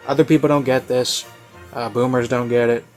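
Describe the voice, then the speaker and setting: A man's voice: medium pitch, flat delivery, fairly quick, soft background music. Rambling man reviewing a video. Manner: rambling, heavy on fillers like "you know" and "like"; offhand, self-mocking. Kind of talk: casual commentary.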